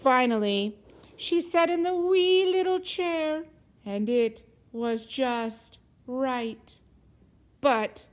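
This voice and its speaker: A woman teacher reading a children's story aloud in an expressive, sing-song way, sometimes dropping to a whisper. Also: high-pitched, drawn-out words, rough recording.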